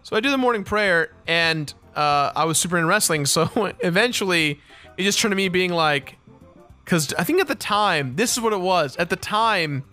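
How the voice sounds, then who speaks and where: Man, twenties, let's play host, bright tone, laughing, swearing, casual storytelling. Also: sits high, expressive, normal speed, soft background music. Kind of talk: casual storytelling over gameplay.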